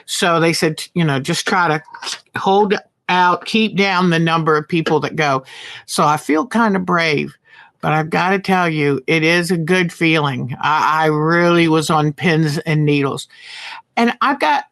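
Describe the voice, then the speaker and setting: A woman's voice: sits low, a little slow, fairly bright tone, no room sound. An older woman hosting a quilting channel, talking to her viewers in a chatty, earnest and encouraging way and laughing often. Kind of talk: heartfelt casual talk to viewers.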